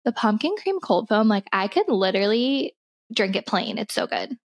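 A woman's voice: mid-range voice, very animated, moderate pace. A young woman co-hosting a podcast in casual chat, sounding bubbly and enthusiastic. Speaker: podcast co-host.

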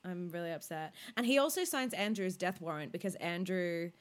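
A woman co-hosting a podcast in casual chat, animated and swearing freely while acting out quotes. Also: fairly low pitch, normal speed. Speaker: podcast co-host.

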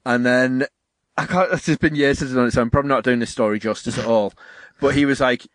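An animated man co-hosting a casual chat, telling stories with swearing and frequent laughter. His voice sits at a middling pitch, recorded close and dry with no room sound. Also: fast talker, no echo. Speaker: podcast co-host.

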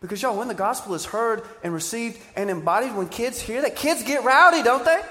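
A man preaching a sermon, animated and joking, asking the crowd questions. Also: very high voice, a little fast. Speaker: pastor. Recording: live church sermon with hall reverb.

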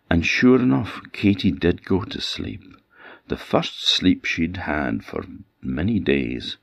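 A man with an Orcadian accent telling a traditional folktale with lively, dramatic delivery. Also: a bass voice, slow, no echo, highs cut off. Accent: Orcadian Scots. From Orkney Islands. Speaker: traditional storyteller.

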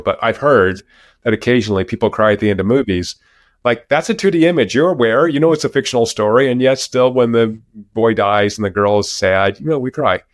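A man as an interview guest, talking over a video call, lively and animated as he tells stories from his research. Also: medium pitch, no room sound, clean studio sound. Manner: animated storyteller, lively when telling anecdotes. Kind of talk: interview conversation. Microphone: remote video call.

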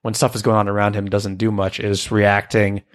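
A man's voice: lowish voice, completely flat delivery. A man co-hosting a podcast, chatting casually and rambling as he recaps a cartoon episode. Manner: chatty, rambling, does quick character impressions. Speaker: podcast co-host.

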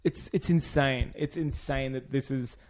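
A man with a mid-range voice, chatting casually about films. He rants with animated, sweary energy and keeps circling back to his points. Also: mid-range voice, unhurried. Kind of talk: casual film review chat.

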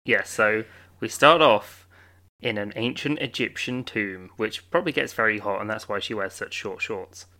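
A man with a bright, forceful voice co-hosts a podcast. He recaps the plot in casual chat, slipping in deadpan jokes. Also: on the low side, moderate pace. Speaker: podcast co-host.

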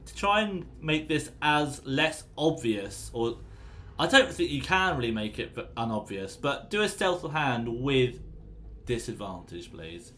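A male game master narrates and calls for rolls in a chatty, often stumbling way, quick to apologize. His voice is bright and animated, and his pitch moves a lot. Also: a little hiss or hum. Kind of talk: running a tabletop game.

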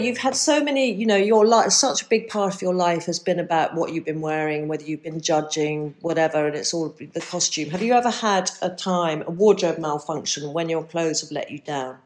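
Low-voiced woman host asking questions. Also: brisk, hardly any pauses, soft background music. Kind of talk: interview chat.

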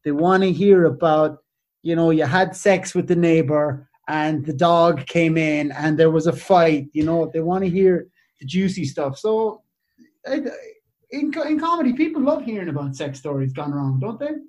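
An Irish man, a comedian guest, telling stories in a relaxed, chatty way. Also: on the high side, normal speed. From Ireland. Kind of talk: casual chat.

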